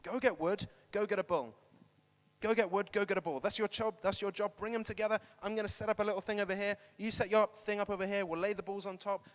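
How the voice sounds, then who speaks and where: A man's voice: high voice, steady tone, fast, big-room sound, lightly acted. A man preaching who voices a bold, confident male prophet taunting his rivals with emphatic repetition. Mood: commanding.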